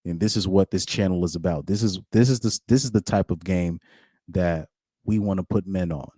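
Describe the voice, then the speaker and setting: A man's voice: sits low, moderate pace, dark tone, no echo, studio quality. A man hosting his channel, giving casual live reaction commentary in an opinionated way and repeating phrases for emphasis. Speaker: channel host.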